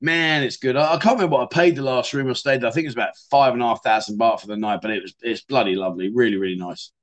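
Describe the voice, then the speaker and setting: A man's voice: medium pitch, very fast. Chatty rambling man. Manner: chatty, rambling, repeats words and restarts often. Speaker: livestream host. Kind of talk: casual livestream chat reading viewer comments.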